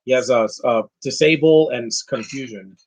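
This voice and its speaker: A man's voice: mid-range voice, normal speed, gravelly, husky, low-quality recording. A man giving casual, opinionated live commentary while watching a movie, rambling and restarting his sentences.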